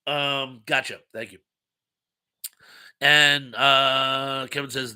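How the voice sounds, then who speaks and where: Bright-voiced congested man hosting a live chat. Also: mid-range voice, level tone, very slow, pauses often, clear, resonant tone. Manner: chatty, rambling, reads viewer comments aloud. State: stuffed up, congested. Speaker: host of a live chat stream. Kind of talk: casual live-stream chat reading comments.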